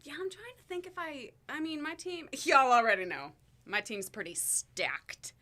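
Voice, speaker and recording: A woman player on a tabletop podcast, chatting casually in a giggly, expressive way. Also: high voice, moderate pace. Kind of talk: casual chat.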